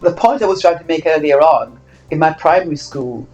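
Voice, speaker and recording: An older woman from Saint Kitts, interviewed about her life, speaking reflectively and growing animated as she acts out old exchanges. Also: sits low, brisk, muffled recording, faint music behind. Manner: reflective, animated when acting out quoted exchanges. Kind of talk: oral history interview.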